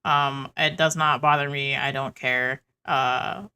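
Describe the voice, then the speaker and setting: A woman's voice: rumbling low, fairly even intonation, slow, sharp tone, clean tone. A woman running a tabletop game for her friends, easygoing and chatty. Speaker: game master.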